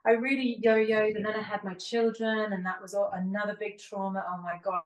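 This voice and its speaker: A woman's voice: medium pitch, level tone, normal speed. A woman in her fifties co-hosting a podcast, chatting candidly and telling long rambling stories. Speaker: podcast co-host. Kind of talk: casual chat. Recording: roomy echo, distant from the mic.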